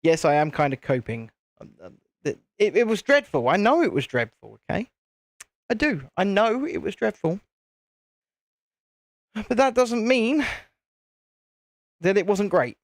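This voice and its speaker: A man's voice: sits high, very animated, unhurried, pauses often, dry recording. British male streamer, chatty and self-mocking, dry sound. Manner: chatty, self-deprecating, talks to viewers. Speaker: live-stream host. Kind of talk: casual live-stream chat.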